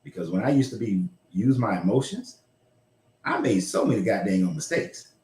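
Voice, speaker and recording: A man's voice: on the low side, expressive, moderate pace, a little mellow, echoey room. A man hosting a casual livestream chat, blunt and rambling, with profanity and laughs. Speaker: host.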